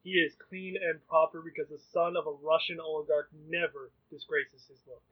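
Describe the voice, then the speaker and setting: A man's voice: a little high, steady tone, normal speed, breathy edge. A man playing a tabletop role-playing game, joking and describing his character. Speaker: player. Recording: phone-like lo-fi audio.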